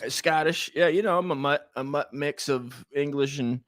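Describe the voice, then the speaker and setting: An American man co-hosting a comedy podcast, his voice sitting a little high. He rambles through casual chat, curses freely and often trails off before finishing a thought. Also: normal speed, a bit bright. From United States. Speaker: co-host.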